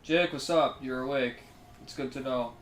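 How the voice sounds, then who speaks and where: On a live stream, a man with a Canadian English accent casually answers his viewers, relaxed and friendly. His mid-range voice moves at a moderate pace, the room sounds spacious, and faint music plays beneath slight background noise.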